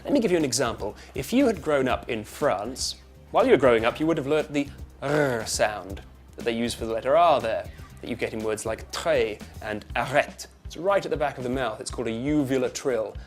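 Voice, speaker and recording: A man, an actor and voice coach giving clear, demonstrative coaching tips and modelling the sounds aloud. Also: mid-range voice, lively intonation, fast, soft background music. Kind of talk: accent coaching tips to camera.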